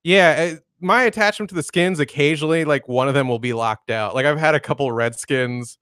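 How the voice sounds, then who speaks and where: A man's voice: a little high, fairly quick, a bit bright, clear, resonant tone, no room sound. Chatty man with a dry voice. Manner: chatty storyteller, laughs while telling anecdotes. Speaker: podcast co-host, locksmith. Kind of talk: casual chat.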